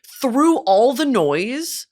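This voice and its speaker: Extremely slow and sing-song, her voice a little high with a darkish tone, a woman in her twenties speaks alone on her podcast about burnout. Close to tears, she is earnest and emotional, cursing freely and saying "like" throughout.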